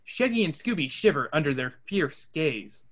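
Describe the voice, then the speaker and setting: A podcast host reading a storybook aloud between jokes with friends. The voice swings around with lively pitch. The delivery stays casual and playful. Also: normal speed. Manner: lively, laughing narration. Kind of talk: casual book reading with chat.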